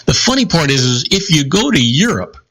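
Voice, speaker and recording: A man's voice: a little high, very animated, a little fast, fairly bright tone, breathy edge, poor audio. A man from California telling stories in a casual radio chat, with fillers and asides. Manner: storytelling, chatty, with fillers and asides.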